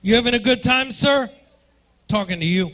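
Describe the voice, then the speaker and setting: A man's voice: very high voice, moderate pace, pushed and bright. A man doing a stand-up comedy set in a club, working the front row with brash, profane banter into a handheld mic. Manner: brash, profane crowd work.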